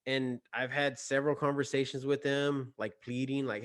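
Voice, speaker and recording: A man's voice: medium pitch, level tone, normal speed. A man hosts a podcast conversation and shares candid personal stories. He speaks in a reflective, earnest way. He often stops and restarts his sentences as he thinks. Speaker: podcast host.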